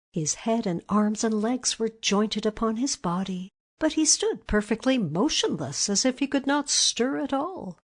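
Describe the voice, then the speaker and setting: A woman narrating a storybook in a calm, even storytelling manner. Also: medium pitch, husky.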